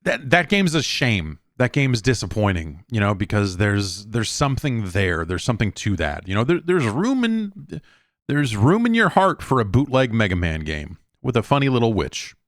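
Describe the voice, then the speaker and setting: A man's voice: fairly low pitch, big pitch swings, normal speed, dry recording, clean studio sound. A middle-aged man hosting a show, giving a casual, rambling spoken review of a video game with many restarts and asides. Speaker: show host.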